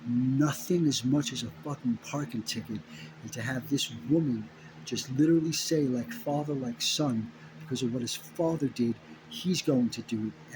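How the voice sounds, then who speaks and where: A man delivers an indignant, profanity-laced personal monologue, repeating key phrases to drive them home. His voice sits at an ordinary pitch. A clear hiss of background noise runs under him. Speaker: vlogger recounting his own story.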